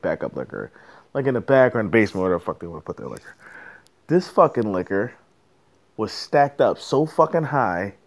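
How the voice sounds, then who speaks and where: Deep-voiced profane rambling man. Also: creaky. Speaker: podcast host. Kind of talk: solo casual rant.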